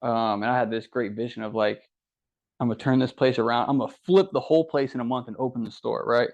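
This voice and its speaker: A man's voice: medium pitch, quick pace. A young adult man from Ohio, a podcast guest, tells his story casually and acts out what others said. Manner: animated, acts out quoted dialogue. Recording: dull lo-fi podcast audio.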